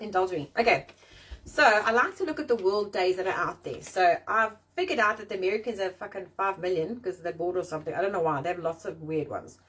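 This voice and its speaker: A woman's voice: medium pitch, breathy edge. Sweary, blunt woman ranting from a distance. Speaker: host of a live chat show. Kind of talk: casual live-stream chat. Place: outdoors in the rain.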